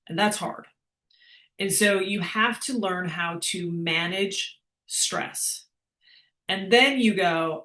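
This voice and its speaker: A woman fitness coach talks her class through a question in a chatty, upbeat way, laughing now and then as she explains. Her voice is bright and forward. The sound carries a roomy echo. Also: lowish voice, measured pace. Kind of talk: live online fitness class with Q&A.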